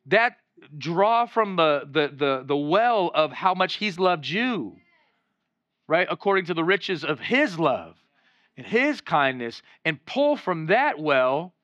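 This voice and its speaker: A man preaching to a congregation, voice bright and a little high, with rising bursts as he urges them on and a habit of acting out voices when retelling scenes. The recording is dry and somewhat muffled. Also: sing-song, takes it slowly, dry recording. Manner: preaching with exhortations and call-outs to the congregation. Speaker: pastor. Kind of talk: sermon.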